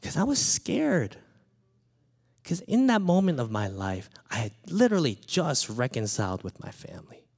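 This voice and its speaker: A man in his thirties preaching a sermon, telling personal stories in an animated, playful way. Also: medium pitch, moderate pace, vocal fry. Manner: animated storytelling, acts out his small daughter's lines. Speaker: pastor.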